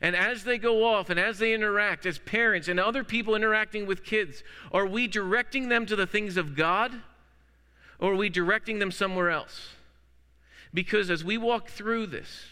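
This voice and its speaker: A male pastor preaches in a bright, crisp voice, and his words carry a long reverb from the church sanctuary around him. He leans on story-driven delivery and spins little jokes out of twisted sayings. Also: high voice, moderate pace. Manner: anecdotal storytelling with playful wordplay. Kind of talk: sermon.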